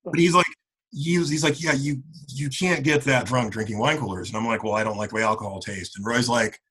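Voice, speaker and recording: A man's voice: medium pitch, brisk, husky, rough recording. A man in his late forties telling a long college story to old friends, rambling with lots of "like" and acting out what his friends said. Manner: acts out friends' lines in animated voices.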